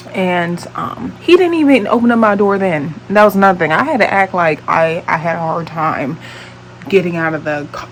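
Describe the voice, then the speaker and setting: A woman's voice: fairly low pitch, a little hiss or hum, poor audio. A woman in her late twenties telling a dating story on her vlog in a blunt, profane, exasperated way. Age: late 20s. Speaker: vlogger.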